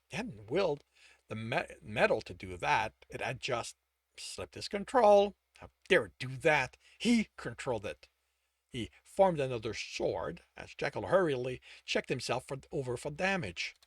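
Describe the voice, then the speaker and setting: Man reading a novel with lively pitch. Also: moderate pace, no echo, clean studio sound. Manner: self-correcting slips while reading. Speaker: author reading his own novel.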